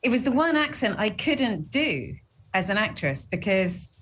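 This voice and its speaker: A woman's voice: mid-range voice, big pitch swings, unhurried, noisy background. Laughing self-mocking British woman. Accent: British English. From Britain. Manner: self-deprecating, laughs often, rambling restarts. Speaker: guest actress. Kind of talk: TV interview chat.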